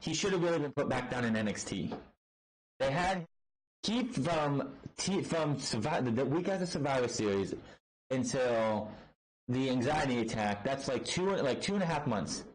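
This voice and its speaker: A man's voice: mid-range voice, animated, moderate pace, poor audio. A man casually recapping and reviewing a wrestling show, blunt and rambling, swearing freely and restarting his sentences often.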